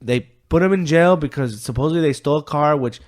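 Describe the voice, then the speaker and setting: A man's voice: fairly high pitch, fast talker, a little mellow. Profane, rambling man retelling a story. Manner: acts out quoted voices. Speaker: podcast co-host. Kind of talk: casual chat, retelling a story.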